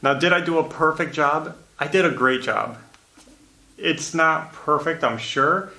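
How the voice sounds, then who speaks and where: A man in a casual home-project vlog, explaining his carpet work in a relaxed, matter-of-fact way with a morning voice. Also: on the high side, unhurried, gravelly. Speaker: DIY vlogger installing carpet. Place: empty room in a house, indoors. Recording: echoey empty room.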